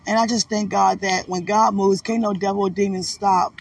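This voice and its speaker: A woman's voice: mid-range voice, steady tone, normal speed, gravelly, slightly rough, distant mic. A woman recording a casual, heartfelt video message of thanks, emotional and devout, rambling with many fillers. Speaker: fiancée giving thanks.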